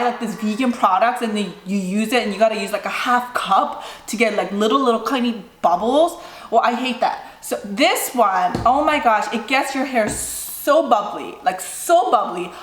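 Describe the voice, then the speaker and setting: A woman's voice: a little high, expressive, normal speed. A young woman vlogger answering viewer questions in a casual, rambling chat, full of "like" and "you know". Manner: chatty, lots of "like" and "you know". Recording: echoey room.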